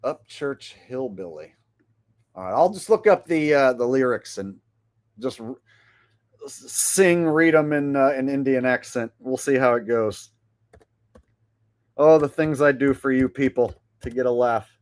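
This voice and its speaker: A male streamer chatting casually to his viewers in a loose, rambling way. He speaks slowly and keeps stopping to hesitate. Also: mid-range voice. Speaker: channel host. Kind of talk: casual livestream commentary.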